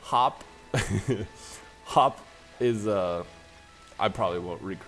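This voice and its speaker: A man's voice: on the low side, extremely slow, a bit bright, faint music behind. A man commentating his gameplay in a playful, joking way. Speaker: let's play host.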